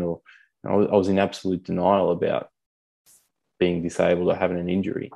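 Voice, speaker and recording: Deep gravelly man, blunt and casual. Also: level tone, fast, pauses often, mellow. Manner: blunt, swears casually, says "mate" often. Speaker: podcast guest. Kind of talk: candid conversational storytelling.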